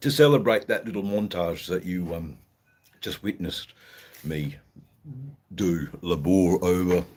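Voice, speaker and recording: A man's voice: low voice, measured pace, darkish tone, a little hiss or hum. An Australian man hosting a livestream in casual chat, rambling and hesitant, swearing freely. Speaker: livestream host.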